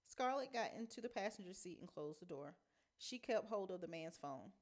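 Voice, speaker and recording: A woman teacher reading a novel aloud in a measured storytelling manner. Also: lowish voice, lively intonation.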